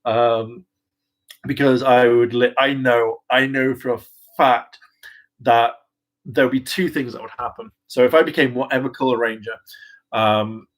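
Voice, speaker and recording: A man's voice: mid-range voice, steady tone, measured pace, rough recording. A man vlogging in a casual, rambling way, self-mocking and full of fillers and the odd swear word. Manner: chatty and self-mocking, with frequent fillers, laughs and mimicked voices. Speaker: vlogger and hopeful actor.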